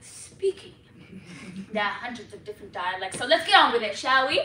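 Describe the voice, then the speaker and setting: A young woman on stage doing a bossy, pompous accent teacher with a fake British accent, her voice high and swooping at an unhurried pace. She is heard from a distance in an echoey school hall with steady background noise. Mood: theatrical. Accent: put-on British. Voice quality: theatrical, exaggerated, pompous. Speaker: student competitor performing a comic piece. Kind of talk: humorous stage performance. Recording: echoey hall from far off, noisy.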